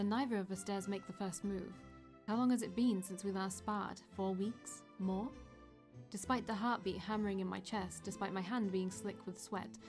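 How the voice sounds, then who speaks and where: A woman streamer reading a visual novel aloud in steady first-person narration, with brief off-script asides. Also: mid-range voice. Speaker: let's play streamer.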